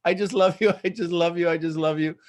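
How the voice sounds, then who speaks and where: A man's voice: fairly high pitch, fairly even intonation, fast, voice pushed up, natural voice. A man voicing a bubbly, gushing woman friend who is full of energy. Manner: effusive, bubbly.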